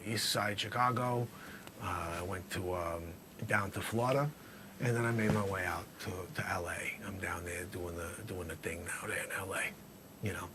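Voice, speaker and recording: A man's voice: sits low, normal speed, background noise, voice pushed down, natural voice. A man voicing a tough, middle-aged male drug dealer in an improvised comedy sketch, cocky and muttering threats. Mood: laid-back. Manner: cocky, menacing, drops to mutters.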